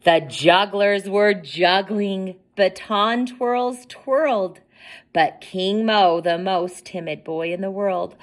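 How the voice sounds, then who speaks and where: Slow, expressive woman reading to kids. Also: mid-range voice. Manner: expressive, asks listening children questions. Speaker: storyteller. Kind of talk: children's story time reading.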